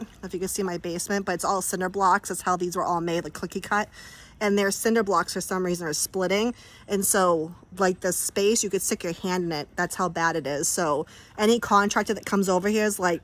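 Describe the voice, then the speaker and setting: Speaking into a handheld phone, a woman live streams from beside an outdoor pool, rambling casually and teasing her dogs as they bark in the background. Her voice is medium in pitch and a bit bright.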